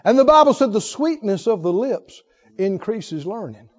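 A male preacher with a high, lively voice that leaps up and drops low delivers a sermon at a moderate pace. He repeats key lines for emphasis, shifting from loud exhortations to hushed asides, and the recording sounds dull and lo-fi.

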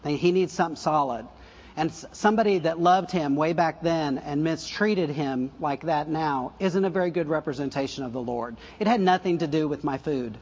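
A fairly high-voiced older man preaches in an easy, conversational way, trailing into asides and correcting himself as he goes. His voice has a husky, breathy edge. The recording sounds slightly muffled and dull. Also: normal speed. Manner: laughs softly at his own stories. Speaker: pastor. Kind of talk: sermon.

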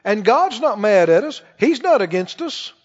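A man's voice: high voice, very animated, moderate pace. A man preaching a sermon to a congregation, asking the audience questions as he goes. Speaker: pastor. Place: large church hall. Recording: dull reverberant church recording.

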